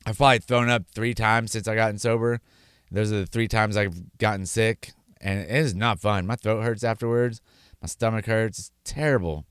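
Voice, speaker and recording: A middle-aged man speaks in a low, smooth voice, close and dry with no room sound. He talks candidly and earnestly, rambling and restarting sentences and slipping into little acted-out quotes. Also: steady tone, normal speed, a bit bright, no echo. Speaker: podcast host sharing his sobriety story. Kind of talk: candid personal monologue.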